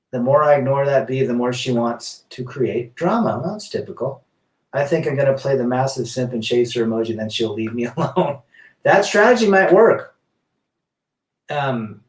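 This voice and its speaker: A man's voice: medium pitch, a little mellow, reverberant, far from the mic. A man hosting a casual live stream, reading viewer comments aloud and answering in a rambling, blunt way with many restarts.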